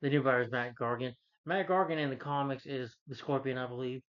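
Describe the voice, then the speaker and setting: A man talks through a film's plot in a loose, rambling way, often stopping to correct names. His voice sits at an ordinary middle pitch. The recording is dull and slightly lo-fi. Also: fairly even intonation, brisk. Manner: rambling, self-correcting, retells scenes with "he's like" quotes. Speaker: film reviewer. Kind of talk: casual spoken film recap.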